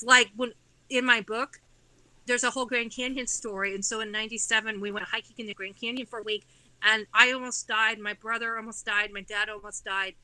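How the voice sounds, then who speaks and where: A woman in her forties with a piercingly bright, sharp-edged voice pitched a little high, talking in a loose, candid way that spills from one run-on sentence into the next. She swears freely and keeps the story rolling as a guest in casual conversation. The sound is very dry, with no room echo around her. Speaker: guest author.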